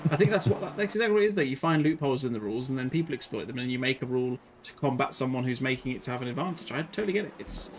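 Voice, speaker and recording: A man giving relaxed, rambling commentary on a live sim racing stream, chatting with a co-commentator. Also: medium pitch, racing, few pauses, a little hiss or hum. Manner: chatty, rambling, laughs easily. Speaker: race commentator.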